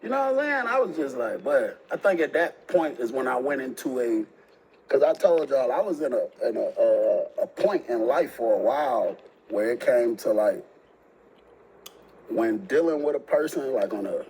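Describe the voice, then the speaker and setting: A man casually telling a personal story in heavy slang, jumping up in pitch when he quotes himself. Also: normal speed, slight background noise, rough recording. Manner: animated, slangy, jumps high when quoting himself.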